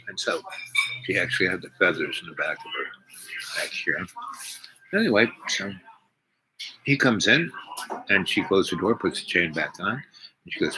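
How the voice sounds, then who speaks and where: A man's voice: low voice, animated, moderate pace, long pauses. An older man telling a rambling personal story, meandering through restarts and asides. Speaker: speaker. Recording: noisy recording with clicks.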